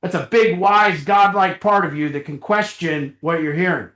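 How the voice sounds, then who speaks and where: In an echoey meeting room, a middle-aged man whose voice sits high and a bit bright talks at normal speed to a small recovery group. It's a casual motivational talk where he acts out short dialogues, chuckling as he goes.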